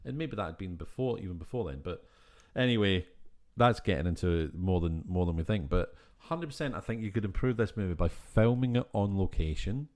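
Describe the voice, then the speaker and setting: A man's voice: low voice, lively intonation, a little fast, few pauses, a little mellow. A man with a Scottish accent, co-hosting a podcast in casual, rambling chat with frequent restarts. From Scotland. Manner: rambling, with many restarts and fillers. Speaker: podcast co-host.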